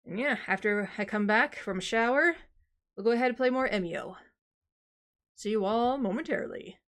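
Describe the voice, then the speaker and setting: A woman's voice: fairly high pitch, moderate pace, a bit bright. A woman streamer chatting casually after a workout, tired and out of breath, rambling and sighing often. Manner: rambling, self-deprecating, sighs often. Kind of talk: casual live-stream chat.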